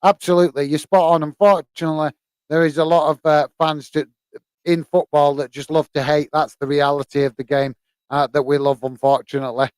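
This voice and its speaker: A tired man hosts a live football watch-along, his talk full of fillers and restarts. His voice sits a little high and comes across smooth and clear. The sound is close and dry. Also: little pitch movement, a little fast, no room sound. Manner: rambling, many fillers. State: tired, yawning.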